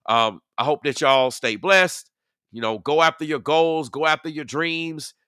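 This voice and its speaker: A man hosting a live stream, talking in a casual, emphatic way. His voice sits a bit high and has a bright, forceful edge. The sound is close and dry, with no room echo. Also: unhurried, clear, resonant tone. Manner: emphatic, repetitive, talking back to chat.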